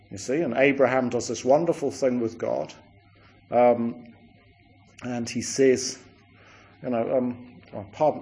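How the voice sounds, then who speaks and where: A man preaching a sermon as a rambling storyteller, with many restarts and asides. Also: medium pitch.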